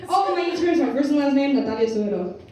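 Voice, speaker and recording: A high-voiced young woman spins a comic story on stage, her pitch leaping as she acts out relatives. She is picked up from across an echoey room. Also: fast. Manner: animated, swearing, acts out family members' voices. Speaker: comedian telling a story. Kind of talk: storytelling at a live comedy show. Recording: echoey room from far off the mic.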